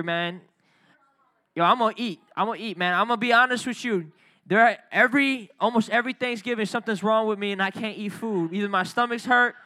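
A young adult man preaching a sermon, energetic and playful, calling out to the congregation. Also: high-pitched. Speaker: pastor.

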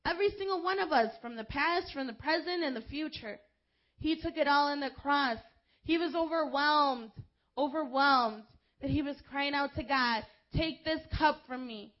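High-voiced woman preaching a lively sermon. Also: moderate pace, muffled recording. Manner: impassioned, rising to shouts when quoting crowds; casual asides to the congregation.

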